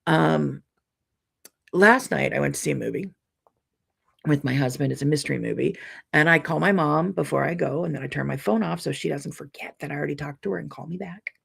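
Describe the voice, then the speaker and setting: A middle-aged woman hosts a relaxed live stream, talking in a loose, rambling way full of ums and restarts. Her voice is deeply gravelly and husky. She reads viewers' comments aloud and answers each one. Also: fairly quick. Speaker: quilting channel host reading live comments. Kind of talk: casual live-stream chat.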